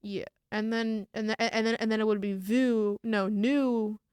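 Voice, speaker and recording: Smooth-voiced young woman chatting. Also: on the high side, fairly even intonation, a little slow, a little mellow, dry recording. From Florida. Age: young adult. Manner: chatty, rambling storyteller. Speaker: podcast co-host. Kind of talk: casual chat.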